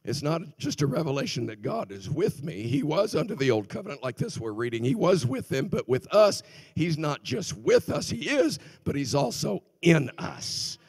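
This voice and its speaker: An older male guest minister preaching a sermon in a church, swinging between loud exclamations and quiet asides. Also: on the high side, big pitch swings, normal speed, husky, no room sound. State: voice sounding off. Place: church sanctuary.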